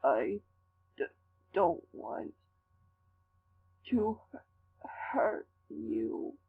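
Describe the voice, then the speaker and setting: A woman's voice: on the high side, animated, slow pace. A woman voicing a frightened, sick young man who stammers out his pleas in a fanfic reading. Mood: shaken. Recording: tinny lo-fi with faint hum.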